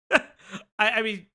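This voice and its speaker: An American man hosting a casual livestream commentary, rambling and excitable with lots of stammered restarts. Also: high-pitched. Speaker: streamer host.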